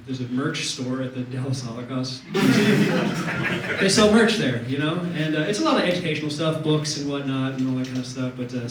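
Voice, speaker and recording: A man performing a stand-up set on a club stage, deadpan, with many fillers and quick put-on voices. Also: mid-range voice. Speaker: stand-up comedian. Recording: distant echoey club recording with loud noise. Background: audience laughter.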